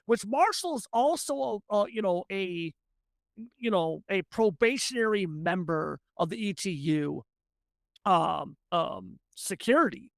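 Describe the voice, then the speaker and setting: A game master narrating a tabletop game in a rambling, quick way with many restarts, close to the mic. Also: medium pitch, animated, gravelly, dry recording.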